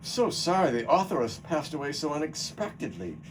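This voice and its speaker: A man reading the part of a polite, reserved gentleman who keeps apologizing, at a play rehearsal. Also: on the high side, animated, a little fast, slight background noise, close to an everyday voice, poor audio. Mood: wry. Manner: dry, formal, self-effacing. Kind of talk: rehearsal read-through.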